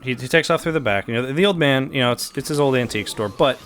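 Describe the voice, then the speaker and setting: A young man co-hosting a podcast tells a long, rambling comic story in casual chat, speaking quickly in a medium-pitched, slightly bright voice. He restarts sentences often and acts out the characters.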